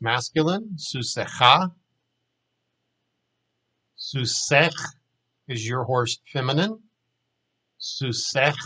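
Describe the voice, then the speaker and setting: A man teaching a recorded language lesson, explaining plainly and saying each example word slowly twice. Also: mid-range voice, fairly bright tone, low-quality recording. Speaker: Hebrew teacher.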